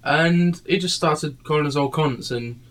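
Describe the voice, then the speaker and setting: A man's voice: fairly high pitch, unhurried, a bit bright. A tired man tells a meandering story in a casual podcast chat. He swears freely and fills his sentences with "um" and "you know". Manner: rambling storytelling, many fillers and swearing.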